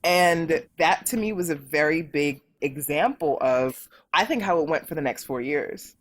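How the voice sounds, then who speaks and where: Emphatic lower-voiced woman guest. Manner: emphatic, repetitive and animated. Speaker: podcast guest. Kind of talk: political conversation.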